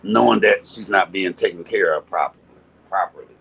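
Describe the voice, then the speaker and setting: A man's voice: sits low, brisk, creaky, a bit bright, breathy edge, low-quality recording. A man, ranting to his viewers in a profane, confrontational and mocking way. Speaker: live-streaming commentator. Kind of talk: casual rant to viewers.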